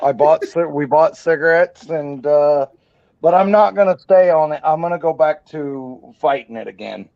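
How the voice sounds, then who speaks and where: A man's voice: on the high side, normal speed, gravelly, no room sound, highs cut off. A man from California, chatting in a rambling, hesitant way. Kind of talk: casual group chat.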